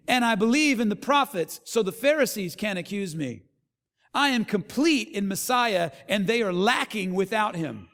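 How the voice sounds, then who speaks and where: A man preaching a sermon as pastor, an animated storyteller who acts out the voices of the people in his stories. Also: sits high, gravelly, in a large hall. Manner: animated storyteller acting out quotes.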